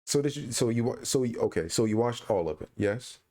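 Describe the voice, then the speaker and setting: A man's voice: mid-range voice, a little fast. A man co-hosting a podcast in casual chat, ranting with incredulous energy. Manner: animated, incredulous ranting with laughs. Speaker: podcast co-host.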